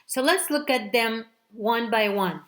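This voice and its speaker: A woman's voice: a little high, a bit bright. A woman teacher giving a recorded grammar lesson, explaining examples step by step and often checking with "okay". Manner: slow, deliberate explaining with frequent "okay" checks. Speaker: English teacher.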